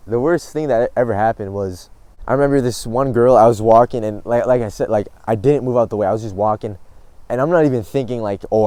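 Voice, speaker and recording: Young male vlogger, warm low-key tone, blunt and profane, self-mocking. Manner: blunt, swears often, laughs at himself. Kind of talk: casual advice monologue.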